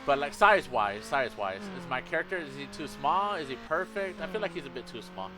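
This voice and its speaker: A man's voice: medium pitch, animated, fairly quick, over music. A man streaming a game, rambling casually to his chat, often stopping to correct himself. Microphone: headset. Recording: racing game audio loud underneath. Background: racing game engine sounds.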